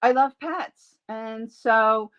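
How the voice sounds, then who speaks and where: This woman talks like she's sharing a favorite story with a friend. She's animated and slips into little voices for the characters in her tale. Her voice sits a little higher than most. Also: very slow, clean tone, highs cut off. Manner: animated storyteller who acts out quoted voices. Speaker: guest, animal communicator and Reiki healer. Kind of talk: casual interview storytelling.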